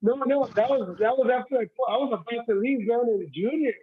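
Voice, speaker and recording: High-voiced man rambling on a call. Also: a little fast, narrow, tinny audio. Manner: rambling, repeats words, laughs often. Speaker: guest arm wrestler. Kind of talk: casual livestream chat.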